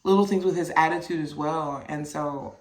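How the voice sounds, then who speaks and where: A young adult woman with a deep voice hosts a solo podcast at a moderate pace, talking candidly and rambling loosely with lots of "like" fillers and free swearing. She's a mother, and the recording sounds roomy, her voice distant from the mic.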